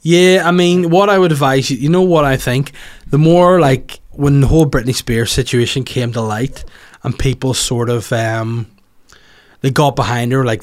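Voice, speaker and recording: A man's voice: mid-range voice, moderate pace. Rambling, swearing male podcast host. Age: adult, has children. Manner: rambling, animated, swears freely. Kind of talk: casual podcast chat.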